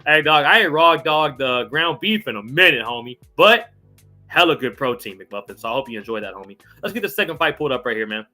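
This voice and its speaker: A man hosting a live MMA recap stream in casual sports talk, hyped and profane, shouting out viewers in the chat. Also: medium pitch, animated, fairly quick, soft background music.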